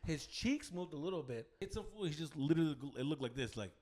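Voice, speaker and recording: A man with a high, wildly swooping voice tells a story on a podcast. He talks in a casual, profane way, drops Spanish slang into his talk and loudly acts out the people in it. The talk comes from a comedy club's green room. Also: lively intonation, quick pace, noisy background. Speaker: podcast co-host.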